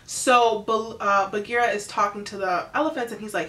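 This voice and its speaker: Woman, movie recap, casual chat, bright voice, roomy echo. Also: mid-range voice. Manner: animated, acts out characters in quick impressions; chatty with many fillers.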